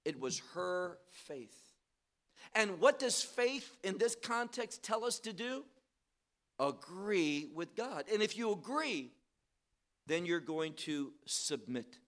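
A man preaching a sermon, asking the audience questions and swinging from quiet asides to loud, stressed points. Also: sits high, very animated, takes it slowly.

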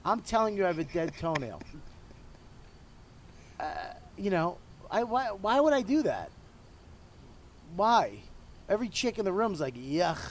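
A man's voice: high-pitched, big pitch swings, unhurried, long pauses, slight background noise. A middle-aged man, a comedian being interviewed, talking candidly and profanely about himself while smoking a cigar. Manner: candid, profane, self-deprecating. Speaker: comedian guest. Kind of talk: casual interview talk.

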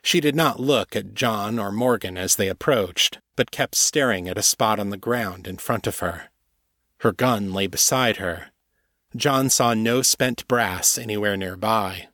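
Fiction narrator, male, low voice, measured delivery, dry booth sound. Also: fairly bright tone, no room sound. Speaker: audiobook narrator.

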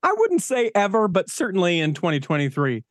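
A man's voice: high voice, a little fast, dry recording, studio quality. A man, hosting a podcast and telling a story in casual chat, acting out the voices of people in it. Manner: animated storyteller, acts out quoted voices. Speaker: podcast host and DJ.

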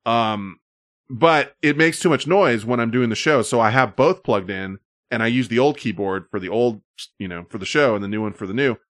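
A man rambles casually on a live stream, peppering his talk with swears and fillers. His voice sits in an ordinary middle pitch. The sound is close and dry, with no room around it. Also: moderate pace, fairly bright tone, no room sound. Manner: rambling, loose, swears often. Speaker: stream co-host. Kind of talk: casual profane chat.

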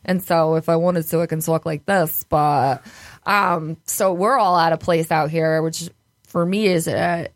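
A woman's voice: low voice, steady tone, unhurried, no room sound. A woman from New York speaking candidly in a casual interview, laughing often and swearing freely. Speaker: podcast guest.

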